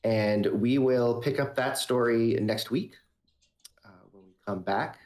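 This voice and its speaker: A man running a tabletop game as game master, relaxed, with lots of fillers. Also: mid-range voice, unhurried.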